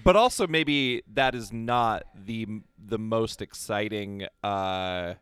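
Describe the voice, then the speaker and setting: A man co-hosting a casual podcast, animated and wry, often laughing through his asides. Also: on the low side, slow pace, clear, resonant tone, dry recording. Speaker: podcast co-host. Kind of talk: casual chat.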